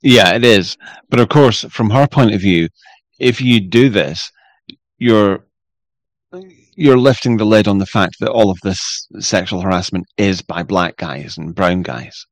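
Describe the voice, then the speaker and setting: A man with a lowish voice hosts the conversation, thinking aloud and often restarting his sentences. The sound is close and dry, with no room echo at all. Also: a little slow. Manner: reflective, with restarts. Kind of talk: casual interview chat.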